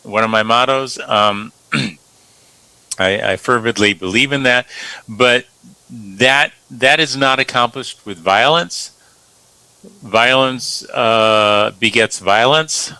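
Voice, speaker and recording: An earnest man speaking in a measured way, often restarting his phrases. His tone is very bright and forceful. The sound is dry and close, with no room around it. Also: medium pitch, smooth, no echo, poor audio. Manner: earnest, measured, repeats words as he talks. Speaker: guest doctor. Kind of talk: casual talk show conversation.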